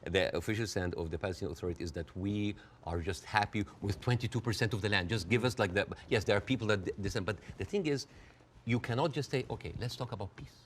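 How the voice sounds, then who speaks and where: A man with a fairly low voice argues his case as an interview guest. He talks fast and animatedly, cuts in to push back, and jumps up in pitch to act out the people he quotes. A faint hum sits under his voice. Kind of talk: heated interview debate.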